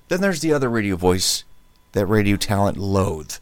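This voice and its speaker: A man's voice: on the low side, sing-song, normal speed, dry recording. A man hosting a podcast in a casual chat, telling rambling stories with lots of fillers and sometimes mimicking other voices. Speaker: podcast host, former radio worker.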